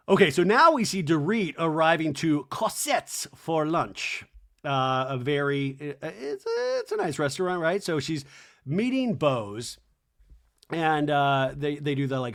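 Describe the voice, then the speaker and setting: A man's voice: on the high side, big pitch swings, a little slow. A man hosting a podcast, recapping a reality show in a chatty, sarcastic, comedic way. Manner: chatty, sarcastic, laughs often. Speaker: podcast host.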